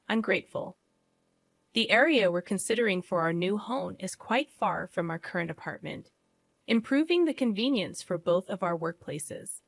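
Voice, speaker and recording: A woman narrating a first-person family story in an even, measured way. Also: mid-range voice, dry recording.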